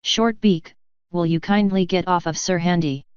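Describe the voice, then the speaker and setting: A woman's voice: lowish voice, fairly even intonation, moderate pace, clear, resonant tone, no echo, close to an everyday voice. A woman voicing a curious, courteous griffin king with an eager manner, in a dull lo-fi recording.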